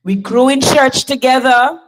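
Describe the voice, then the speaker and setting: A woman's voice: high voice, measured pace, rough recording. A woman emceeing a political public meeting, chatting directly with the crowd as she brings on the speakers. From Guyana. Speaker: rally emcee.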